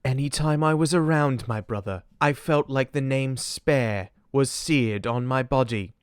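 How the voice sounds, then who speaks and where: A man doing a clueless young English royal reads his own audiobook in a put-on English accent, solemn and deadpan no matter how absurd the confession. The voice is smooth and clear at an ordinary pitch. The recording is close and dry, like a studio booth. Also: measured pace, no room sound, close to an everyday voice. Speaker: comedian. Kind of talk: parody audiobook narration.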